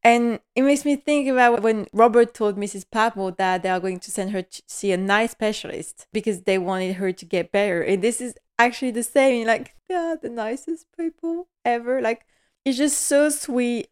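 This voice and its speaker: A woman's voice: on the high side, moderate pace, clear, resonant tone. A woman hosting a casual episode recap, enthusiastic, laughing often and using many fillers. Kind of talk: casual chat.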